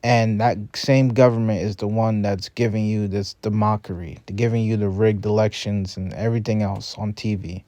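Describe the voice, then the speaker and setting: Earnest man with a dark, dry voice. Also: lowish voice, fairly even intonation, moderate pace, hardly any pauses, dry recording. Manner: earnest, conversational, builds into a rant. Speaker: host reacting to a video. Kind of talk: casual commentary.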